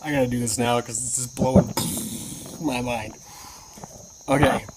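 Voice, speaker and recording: Woman, motorcycle traveler, excitable, swears a lot, noisy night recording with crickets. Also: very deep voice, moderate pace. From Canada. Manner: excitable, incredulous, swears freely. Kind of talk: casual video diary.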